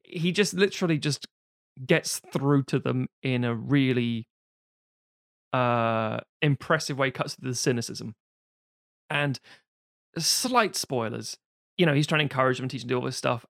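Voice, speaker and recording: Sweary, animated man. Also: medium pitch, creaky, dry recording, studio quality. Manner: sweary, animated retelling of scenes. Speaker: podcast co-host reviewing films. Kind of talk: casual film chat.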